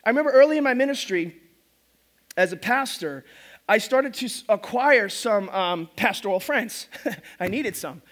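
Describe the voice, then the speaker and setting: A middle-aged man preaching a sermon to his congregation as pastor, telling stories in an animated, self-mocking way. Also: high voice, normal speed. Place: church service before a congregation.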